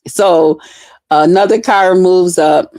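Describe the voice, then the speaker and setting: A woman's voice: fairly low pitch, steady tone, slow pace, darkish tone, no room sound, clean studio sound. A woman telling a story in a casual, blunt way, swearing freely and laughing as she talks.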